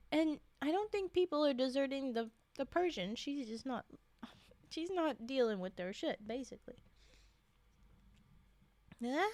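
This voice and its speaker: A woman's voice: high-pitched, a little mellow. A woman reading a classic tale aloud on a livestream, breaking off for joking asides, her voice strained and short of breath. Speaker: storyteller streamer.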